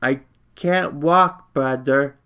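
A man voicing a frail, timid little boy who speaks slowly and softly. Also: a little high, clear, resonant tone, pitched above the performer's own voice, exaggerated voice. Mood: pleading. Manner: slow, soft, wondering.

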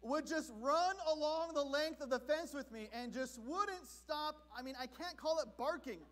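A Southern California pastor preaches a sermon, telling a story in a lively, comic manner. His voice is very high-pitched and his pace is moderate.

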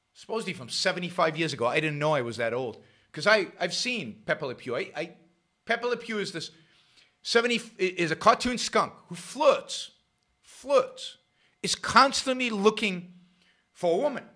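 A middle-aged man hosting a show, talking in a sarcastic, animated commentary with frequent restarts. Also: sits high, normal speed. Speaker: show host. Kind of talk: casual commentary monologue.

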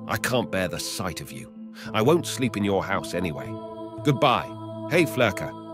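A man's voice: sits low, big pitch swings, moderate pace, music in the background. A man voicing an angry young male hunter who scolds and threatens. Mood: disgusted.

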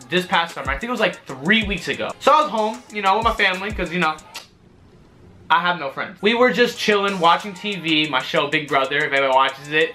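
A young man, excitedly telling a story on his vlog, swearing and exaggerating. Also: sits high. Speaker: vlogger.

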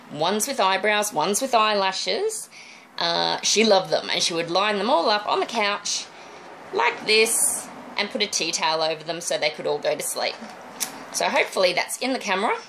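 A woman's voice: medium pitch, gravelly, noisy background. A middle-aged woman, chatting through a balloon twisting demonstration step by step. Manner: chatty, friendly step-by-step instructions. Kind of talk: casual demonstration tutorial.

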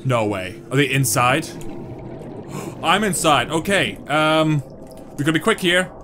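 A man giving live reaction commentary over gameplay, excitable, swearing, and talking back to the game. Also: fairly high pitch, slow, noisy background. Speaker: gaming channel host. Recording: game music underneath.

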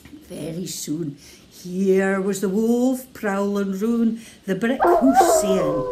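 A woman with a Scottish accent telling a children's story in a playful, expressive way. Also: medium pitch, slow, background noise.

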